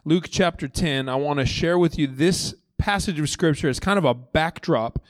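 Pastor guy preaching from the stage, lively and chatty, kinda high voice, dry sound. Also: normal speed, no room sound. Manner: conversational and animated, acting out voices of the story. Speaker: lead pastor. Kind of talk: sermon. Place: church auditorium stage.

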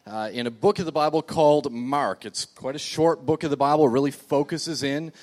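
A man's voice: a little high, moderate pace, darkish tone. A man preaching a sermon in a church, talking in a loose, conversational way with frequent fillers and restarts while seated. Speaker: pastor.

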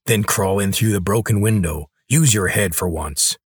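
A man doing a gruff, bullying farmer father. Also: on the low side, normal speed, dry recording, clean studio sound. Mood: scolding. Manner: harsh, scolding rural speech.

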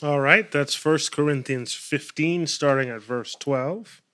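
Brief: male study-group member, fairly high and bright, insistent in debate. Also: a little slow, smooth. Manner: careful reader, argues his point insistently. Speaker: Bible study participant. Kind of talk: scripture reading and discussion.

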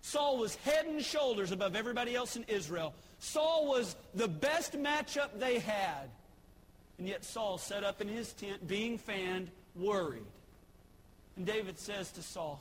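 A man preaches a sermon in a folksy storytelling manner. His voice sits fairly high. It rings in a reverberant hall with faint background ambience. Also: expressive, a little slow, a little hiss or hum. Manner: storytelling, conversational with acted quotes.

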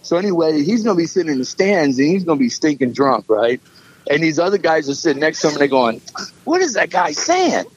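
High-voiced rambling storyteller man. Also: fast, husky, no room sound, highs cut off. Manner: rambling storyteller, acts out quotes. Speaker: musician and filmmaker. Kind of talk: casual chat.

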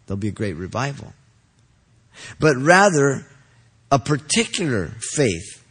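A man preaching an expository sermon, stressing key phrases loudly and then dropping low, pausing to ask listeners if they are following. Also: husky. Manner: asks the congregation checking questions.

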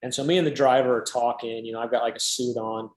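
Guy in his 30s telling a story, says like a lot, average pitch, kinda echoey room. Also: steady tone, fast. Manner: chatty, peppered with "like", acts out quoted dialogue. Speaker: interview guest. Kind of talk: casual storytelling.

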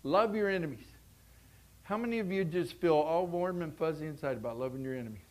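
A man preaching a sermon as pastor, animated and full of restarts, swinging between loud bursts and hushed asides. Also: fairly high pitch, brisk.

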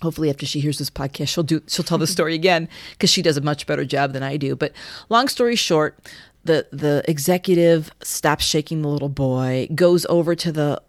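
A woman who runs a yoga studio, telling a story in an animated way on a podcast. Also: sits low, a little fast, no room sound. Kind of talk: casual storytelling chat.

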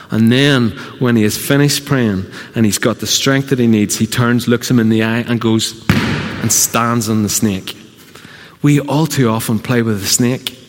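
A man preaching a sermon as a pastor, earnest and emphatic with dramatic pauses. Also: mid-range voice. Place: church auditorium. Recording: long reverb of a church hall.

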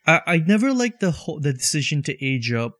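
A man's voice: fairly high pitch, sing-song, a little fast, fairly bright tone, dry recording. Laughing young man rambling about a film. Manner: laughs often, rambling with restarts. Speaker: movie watch-along co-host. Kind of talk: casual chat.

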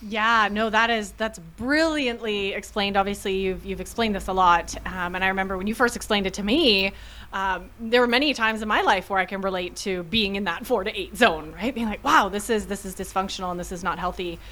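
With a medium-pitched voice and a sharp tone, a woman podcast host moves fairly quickly through her questions. The interview chat is casual, and she sounds hesitant, filling it with many fillers.

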